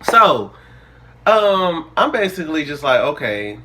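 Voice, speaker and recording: Animated young man telling a story. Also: a little high, takes it slowly, noisy background. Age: early 20s. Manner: animated, dramatic retelling with quoted dialogue. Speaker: vlogger. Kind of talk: casual storytelling.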